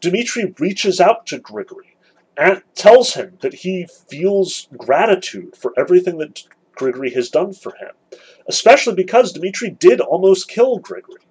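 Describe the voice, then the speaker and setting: A man's voice: high voice, big pitch swings, moderate pace, a little mellow, slightly rough, low-quality recording. A man teaching a literature lesson, explaining the scene step by step and weighing each side in turn. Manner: explanatory, weighs both sides repeatedly. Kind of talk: recorded lecture.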